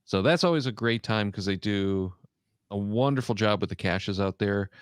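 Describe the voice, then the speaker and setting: A man co-hosting a casual podcast chat, reading through a list with frequent pauses and fillers. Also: fairly low pitch, smooth, no room sound, clean studio sound. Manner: halting, many "uh" fillers while reading out a list. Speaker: podcast co-host.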